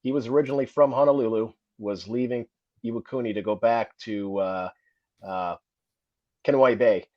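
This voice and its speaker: Male guest, veteran firefighter, storytelling, animated, dry, dull lo-fi. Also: medium pitch, moderate pace, no room sound. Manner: animated storyteller, acts out quoted voices. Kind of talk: casual storytelling.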